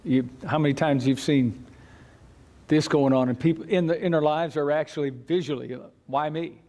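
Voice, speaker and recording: A man teaching a church Bible class in a conversational way, with halting restarts and light chuckles. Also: fairly high pitch, warm tone.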